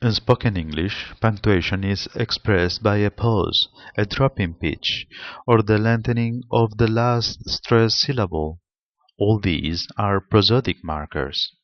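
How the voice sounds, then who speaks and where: Slow, measured Spanish-accented male lecturer. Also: on the low side, no echo. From Spain. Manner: slow, deliberate, explanatory delivery. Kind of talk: seminar lecture on pronunciation. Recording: slightly dull lo-fi sound.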